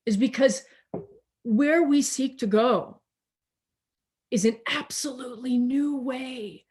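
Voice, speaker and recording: A woman's voice: high voice, darkish tone. Reflective woman minister preaching over video call. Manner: slow, reflective, with many restarts and pauses. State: tired.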